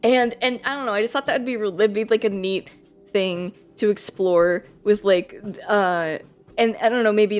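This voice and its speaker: A woman's voice: medium pitch, normal speed, clear, resonant tone, faint music behind. A young woman streaming from home, chatting casually and rambling with lots of fillers and giggles. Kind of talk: casual live-stream chat.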